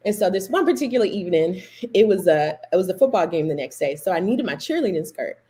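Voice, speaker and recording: Woman, 30s, ministry host; low-pitched, animated storyteller giving a personal testimony. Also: fast. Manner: animated storyteller, acting out remembered dialogue. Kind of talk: personal testimony to a livestream audience.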